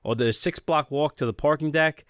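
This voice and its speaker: A man hosting a podcast, telling work stories to an old friend in an animated, easily amused way. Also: fairly high pitch, moderate pace, smooth, no echo, clean studio sound. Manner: animated storyteller, laughs easily. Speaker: podcast host. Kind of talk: casual chat between old friends.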